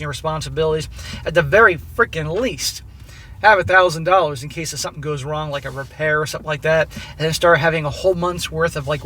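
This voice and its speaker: A man in his forties, raised in Southern California, hosts an advice monologue. He talks bluntly and swears freely. His voice sits fairly high and has a bright, forceful edge. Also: slight background noise. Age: 40s. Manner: blunt and profane, keeps addressing "guys". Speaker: advice channel host.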